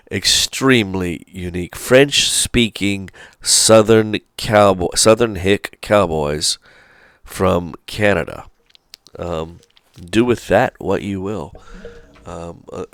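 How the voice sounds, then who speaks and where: A man's voice: low-pitched, gravelly, a bit bright, dry recording, clean studio sound. A man from hosting a trucking channel, talking in a rambling, folksy way with lots of fillers and asides. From Charleston, South Carolina. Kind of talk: casual rambling commentary.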